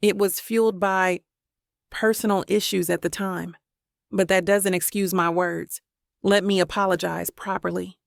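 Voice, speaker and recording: A woman's voice: medium pitch, steady tone, measured pace, vocal fry, dry recording, clean studio sound. A woman voicing a grumpy male professor from an audiobook romance, speaking in a subdued, pleading way. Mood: apologetic.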